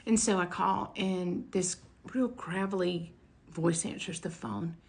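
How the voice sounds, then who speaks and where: A woman telling a personal story in a casual, animated way, leaping up in pitch when excited and dropping to a hush for tense moments. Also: slow, vocal fry. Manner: animated, jumps high and loud when quoting her own excitement; drops to a hush or whisper for dramatic moments.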